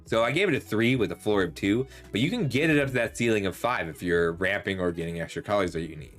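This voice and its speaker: A man's voice: fairly low pitch, fast talker, soft background music. A man hosting a casual card set review, chatty and analytic, often correcting himself mid-sentence, his voice slightly worn. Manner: chatty and analytic, with frequent ums and self-corrections. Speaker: host reviewing game cards.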